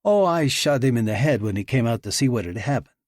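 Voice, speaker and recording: A man voicing a stocky explosives expert in his late forties who talks in a flat, matter-of-fact way. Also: mid-range voice, fast talker, no echo, clean studio sound, lightly acted. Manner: matter-of-fact, casual about violence.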